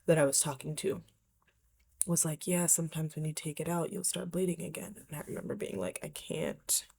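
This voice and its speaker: Low, breathy woman telling a personal story. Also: very animated, a little fast, warm tone. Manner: candid, reflective, often dropping to a near whisper. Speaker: vlogger.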